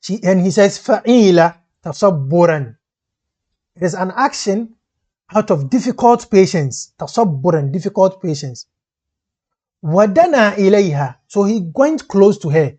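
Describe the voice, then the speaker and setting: A man teaching a lesson, reading each line of a classical text quickly and then explaining it slowly and patiently in English, with many restarts. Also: sits high, animated, dark tone, husky. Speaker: Arabic teacher.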